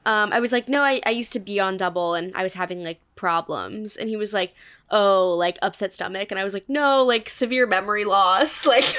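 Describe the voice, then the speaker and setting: A woman's voice: mid-range voice, normal speed. A young woman in her twenties, co-hosting a podcast and telling a candid, profane story in casual chat, acting out the people in it as she goes. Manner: candid, swearing, animated quoting of others. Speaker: podcast co-host.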